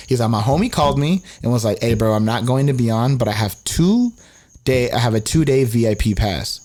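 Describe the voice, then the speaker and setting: A young man co-hosting a podcast, telling a story in casual chat, animated, swearing freely and acting out quotes with big jumps in pitch. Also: a little fast. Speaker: podcast co-host.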